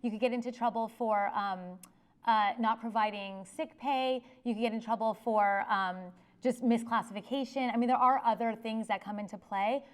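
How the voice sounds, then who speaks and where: Fast-talking woman attorney. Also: fairly high pitch. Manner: fast, animated, restarts sentences often. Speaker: attorney giving a talk. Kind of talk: informal lecture with audience questions. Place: public library meeting room.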